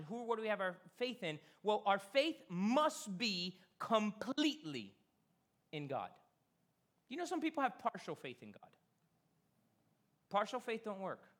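A man giving a sermon as pastor in a church, talking casually and slowing down to stress key phrases. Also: sits high, a bit bright. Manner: conversational, emphatic preaching with slowed key phrases. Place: church sanctuary.

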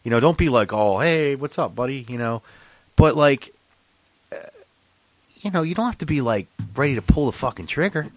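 A man's voice: mid-range voice, animated, moderate pace, long pauses. A man hosting a casual podcast, telling his own stories with lots of swearing and acting out both sides of each conversation. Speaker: podcast host. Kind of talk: casual profane storytelling chat.

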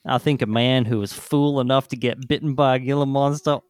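A man's voice: medium pitch, fairly even intonation, fairly quick, no echo, close to an everyday voice. A stern 1890s frontier doctor, all pompous drawl and American accent, as a man puts him on. The voice sits mid-range and sounds dry and close to the mic. Scornful from the first word. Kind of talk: comedy podcast quote reading.

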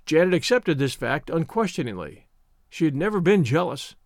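Male audiobook narrator, fairly high pitch, lively delivery, dry close sound. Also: moderate pace, no echo.

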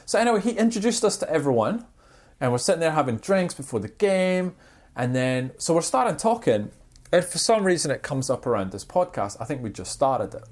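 A podcast co-host telling a rambling story in casual chat, with sound effects and quick restarts. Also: medium pitch, very animated, a little mellow.

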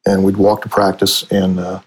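Middle-aged man, low voice, sportswriter, relaxed storytelling, frequent restarts. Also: normal speed, husky, poor audio. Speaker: sportswriter and book author. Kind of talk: conversational storytelling.

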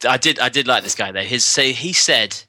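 A man's voice: medium pitch, lively intonation, fairly quick, pushed and bright, dry recording, clean studio sound. A man from southern England with a southern English accent, co-hosting a podcast in casual chat, joking and laughing often. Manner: laughs often, jokey, puts on silly voices. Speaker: podcast co-host.

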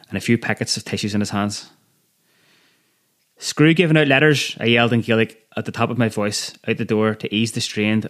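Male reader; earnest, measured memoir narration with a low register. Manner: earnest, measured, quietly emotional. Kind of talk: first-person memoir reading.

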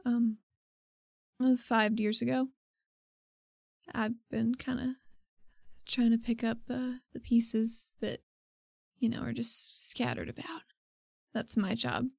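A woman's voice: a little high, creaky, dry recording, clean studio sound, exaggerated voice. Woman voicing a hesitant, guilt-ridden young daughter. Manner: hesitant, soft-spoken, trailing off. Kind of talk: voicing a character in a tabletop game.

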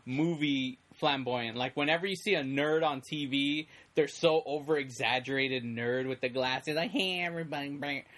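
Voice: medium pitch, fairly even intonation, measured pace, hardly any pauses, a bit bright. A speaker chatting casually about a film, rambling and restarting often, with heavy use of filler words. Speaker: film fan in conversation. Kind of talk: casual chat.

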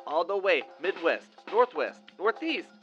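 A man playing a loud, laughing male weatherman, dropping slang. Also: high voice, sing-song, measured pace, highs cut off, faint music behind, voice pushed up. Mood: boisterous. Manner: boisterous, laughing, drops Spanish slang.

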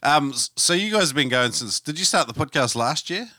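Laid-back podcast host. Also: male voice, fairly high pitch, expressive, a little fast, pushed and bright, no room sound, clean studio sound. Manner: laid-back, chatty, joking. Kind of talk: casual podcast interview.

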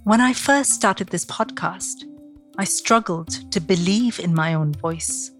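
Brief: middle-aged woman host, Indian accent with East London traces, low-ish voice, measured and reflective, faint music behind. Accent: Indian, mix of Mumbai, Kerala and East London. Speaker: podcast host. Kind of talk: podcast interview and scripted narration.

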